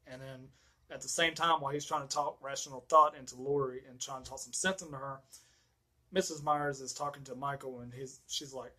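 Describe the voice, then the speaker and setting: A man in the middle of a casual movie recap rant, medium-pitched and loose. He rambles through the plot with plenty of fillers and frequent swearing. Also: fairly even intonation, fairly quick, pushed and bright, rough recording. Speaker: movie reviewer. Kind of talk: casual ranting film recap.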